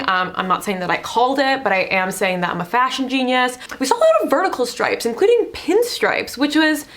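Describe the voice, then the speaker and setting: A young adult woman giving casual fashion commentary as a vlogger, chatty and excitable, with "like" all through her speech. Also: fairly high pitch. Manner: chatty and excitable, full of "like" fillers.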